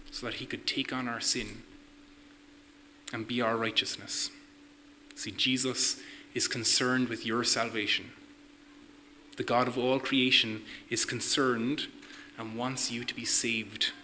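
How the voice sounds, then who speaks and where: Male preacher, sermon delivery, bright forceful tone, earnest, faint hiss behind. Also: mid-range voice, rough recording. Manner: earnest, questions to the listeners.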